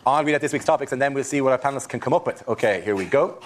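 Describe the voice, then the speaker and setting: A man hosting a comedy panel show, asking quick joking questions. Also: mid-range voice, a little hiss or hum. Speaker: host. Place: TV studio with audience. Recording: live studio audience laughter.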